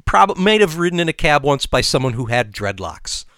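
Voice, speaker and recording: Smooth-voiced man explaining step by step. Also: fairly high pitch, very animated, normal speed, fairly bright tone, no room sound, studio quality. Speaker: podcast co-host. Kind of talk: casual discussion.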